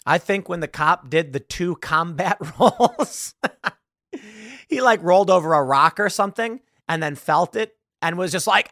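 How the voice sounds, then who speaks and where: A man hosting a casual commentary show, reacting to a video in an animated way, often laughing and acting out lines. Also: high voice, unhurried, no echo, studio quality. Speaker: host.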